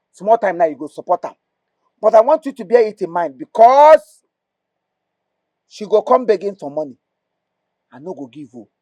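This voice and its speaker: A man with a Nigerian accent acting a blind father in a comedy skit, loud and scolding. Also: on the high side, no room sound.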